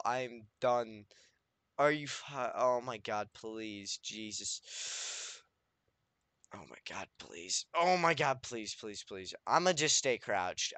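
A young man narrating his own game run in a smooth, clear voice, fretting, cursing and begging the game for luck. He talks close to the mic in a dry, dead room, with a middle pitch and no reverb around him. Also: bright, forceful tone. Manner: anxious, swearing, self-talking, desperate pleading. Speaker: gaming YouTuber. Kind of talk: Minecraft let's play commentary.

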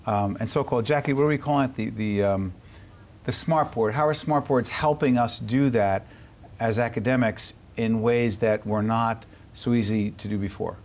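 A man's voice: mid-range voice, normal speed, darkish tone. A male television host in a studio who jumps in with probing questions and pushes back as devil's advocate. His voice sits in the middle range for a man. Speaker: TV interview host. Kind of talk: TV interview.

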